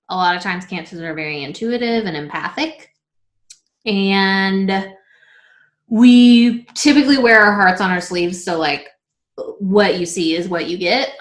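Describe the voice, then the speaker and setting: With a lowish, slightly bright voice, a woman in her thirties who hosts a vlog is interviewed in casual chat about herself. She giggles, trails off, and uses many filler words, all in a roomy echo.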